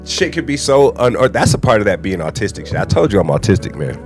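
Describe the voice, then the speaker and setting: A man in casual chat, laid-back and slangy, often trailing off quietly. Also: lowish voice, sing-song, fast, faint music behind.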